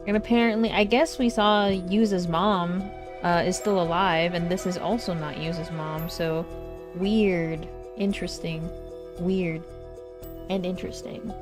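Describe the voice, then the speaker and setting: Brief: a chatty young female streamer recapping a game over soft music. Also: lowish voice, measured pace. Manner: chatty, relaxed, with fillers and self-corrections. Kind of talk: casual livestream game commentary.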